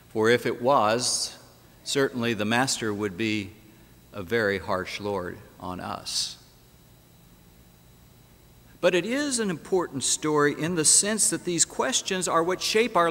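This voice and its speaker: A mid-range male voice with a touch of brightness preaches from a church sanctuary. The pastor narrates dramatically and asks rhetorical questions, and the echoey hall colors the recording.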